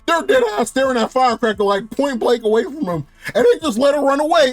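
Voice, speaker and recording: Slangy excitable young man, high voice. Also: fast, hardly any pauses, faint music behind. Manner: slangy, profane, laughs often, excited recapping. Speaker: TV show reviewer. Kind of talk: casual review rant.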